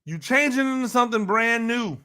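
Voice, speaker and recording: High, bright, emphatic football talk man. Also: animated, brisk, clear, resonant tone. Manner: emphatic, repeats phrases for emphasis; talks to listeners directly, asks rhetorical questions. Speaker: football analyst host. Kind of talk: animated sports talk monologue.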